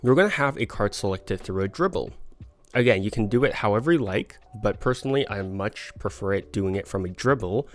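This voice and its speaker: A man's voice: lowish voice, expressive, fairly quick. A man teaching a card sleight on a livestream, stumbling and laughing at his own mistakes. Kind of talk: livestream tutorial. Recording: faint background music.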